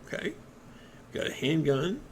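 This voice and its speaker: A man casually commenting on a game as he plays, reading its text aloud and thinking out loud in a hesitant way. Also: a little high, big pitch swings, measured pace, slight background noise. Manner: hesitant, thinking aloud with many ums and restarts. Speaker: let's play gamer.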